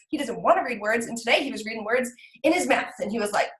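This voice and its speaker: Frank, emotional mom in an echoey room. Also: female voice, expressive, fast talker, fairly bright tone, a little hiss or hum. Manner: frank, emotional, swears casually, rises to high pitch when agitated. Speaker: team leader sharing with her group. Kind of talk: candid talk to a team call.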